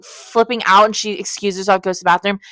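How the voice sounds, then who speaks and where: A young woman co-hosting a podcast, retelling stories with animation and the odd swear. Her voice is bright and sharp-edged. The recording is dry and close. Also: medium pitch, fast talker, no echo. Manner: animated storytelling, swears freely. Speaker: podcast co-host. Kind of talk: casual chat.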